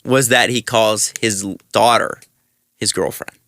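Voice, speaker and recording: Bright-voiced man hosting a podcast. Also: fairly low pitch, fairly even intonation, a little slow, dry recording, clean studio sound. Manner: reads news items then jokes loosely. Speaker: podcast co-host. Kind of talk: casual sports podcast chat.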